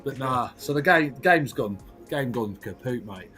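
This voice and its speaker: Man doing a brash Aussie gaffer, broad accent, mid-pitched, cusses and mates his way through every line. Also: animated, a little slow, pushed and bright, faint music behind. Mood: grumbling. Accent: Australian. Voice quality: broad slangy delivery, every line ending in "mate". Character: blunt Australian male football manager, swearing. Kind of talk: comedic impression in podcast chat.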